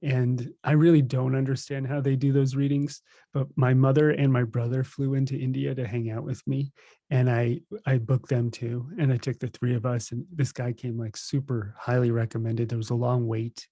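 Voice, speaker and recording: A man in his thirties, a guest on a podcast, telling stories in a relaxed, self-laughing way. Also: mid-range voice, moderate pace, dry recording. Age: 30s. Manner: relaxed storytelling, laughs at himself. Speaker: podcast guest, meditation teacher. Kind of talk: casual interview chat.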